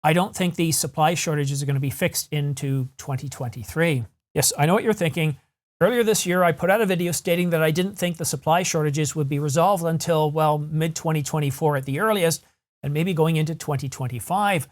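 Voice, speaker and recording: A man's voice: fairly high pitch, fairly quick. A man hosting a camera news channel, ranting in a frustrated, rambling way and correcting himself as he talks. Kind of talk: solo vlog rant.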